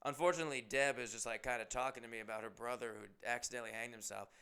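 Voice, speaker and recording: A man's voice: mid-range voice, fairly even intonation, rapid-fire, bright, forceful tone, smooth. A man hosting his own podcast, telling rambling, profane, self-deprecating stories in a casual monologue. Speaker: comedian and podcast host.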